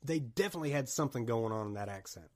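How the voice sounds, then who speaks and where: A man hosting a podcast, chatting about a horror film in a rambling, jokey, animated way. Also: mid-range voice, racing. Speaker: podcast host. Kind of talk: casual movie chat.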